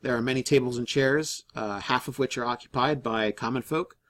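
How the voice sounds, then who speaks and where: Male game master, mid-pitched, halting delivery full of fillers, narrating a tabletop session. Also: a bit bright. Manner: halting, many fillers and restarts.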